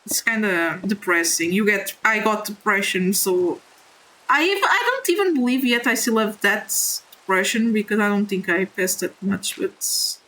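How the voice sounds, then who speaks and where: Woman, non-native English accent, casual stream chat, candid, halting, apologetic, mid pitch. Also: lively intonation, sharp tone, poor audio. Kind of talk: casual live-stream chat while gaming.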